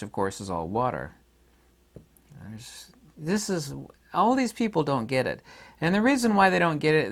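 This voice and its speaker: Emphatic man lecturing on philosophy. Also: medium pitch. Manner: emphatic and argumentative, repeats for stress. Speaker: channel host. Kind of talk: unscripted philosophy lecture to camera.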